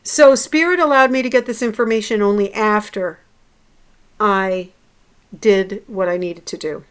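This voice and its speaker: A woman in her forties, a hypnotherapist, telling a personal story in a vlog, blunt and profane, dropping to low mutters and then flaring into loud outbursts. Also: measured pace, clear, resonant tone.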